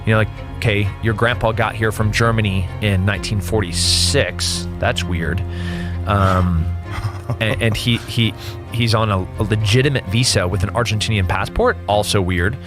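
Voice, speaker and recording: A man's voice: lowish voice, moderate pace. Man telling stories over music. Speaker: podcast guest. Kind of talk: storytelling podcast talk.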